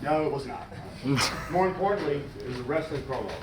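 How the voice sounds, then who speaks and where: A man coaching wrestling promos in casual, animated talk, demonstrating cadences and coaxing a student. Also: mid-range voice, a little fast, over a noisy crowd. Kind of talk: casual teaching. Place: wrestling school training room. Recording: echoey room from far off.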